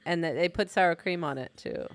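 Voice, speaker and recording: A woman co-hosting a casual TV talk podcast, chatty and quick to laugh. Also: fairly low pitch. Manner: giggly, chatty, laughs often. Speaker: podcast co-host. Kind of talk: casual chat.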